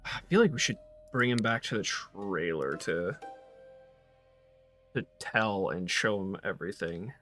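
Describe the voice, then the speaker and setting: Low-voiced man playing a tabletop game. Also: lively intonation, measured pace, pauses often, a bit bright, faint music behind. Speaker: player. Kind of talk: casual tabletop play.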